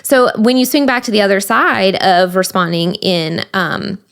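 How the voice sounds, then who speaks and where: A woman's voice: medium pitch, normal speed, gravelly, a bit bright. A woman hosting her own podcast as a recovery coach, talking conversationally with lots of fillers, restarts and rhetorical questions. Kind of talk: solo podcast talk.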